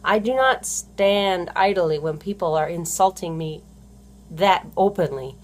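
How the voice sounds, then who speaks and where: A woman's voice: lowish voice, measured pace. A woman, a stay-at-home mom talking in a casual vlog monologue that rambles and corrects itself, full of "you know". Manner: rambling, heavy use of "you know" fillers, self-correcting.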